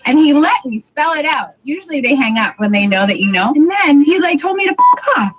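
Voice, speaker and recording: Playful woman with a high voice. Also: expressive, a little fast. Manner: playful anecdotes, acts out quoted voices. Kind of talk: casual chat. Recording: dull lo-fi sound with faint hiss.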